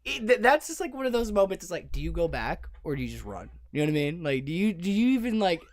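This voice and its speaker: A man co-hosting a casual drinking podcast, telling stories in a rambling, profane, animated way. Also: high-pitched, quick pace, no room sound. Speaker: podcast co-host.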